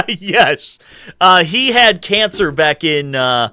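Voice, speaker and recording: A man's voice: high voice, big pitch swings, very slow, bright, forceful tone, smooth, dry recording, clean studio sound. A man in his twenties from the United States, rambling casually on a live stream, correcting himself as he goes and reading chat aloud. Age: 20s.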